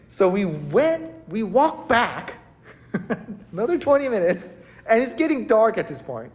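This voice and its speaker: A male pastor preaching a sermon in a church, telling a story with animated, acted-out panic. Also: sits high, a little slow. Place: church hall.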